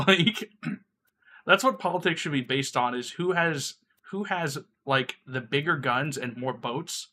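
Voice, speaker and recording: A man's voice: on the high side, slow pace, sharp tone. A sick man streaming live, rambling crudely in casual chat and laughing often.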